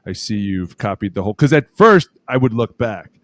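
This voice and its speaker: Animated storytelling man, dry close mic. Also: fairly low pitch, a little fast, no room sound. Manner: lively storyteller acting out quotes, laughs often, swears. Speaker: podcast co-host, former offensive lineman. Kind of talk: casual chat, animated storytelling.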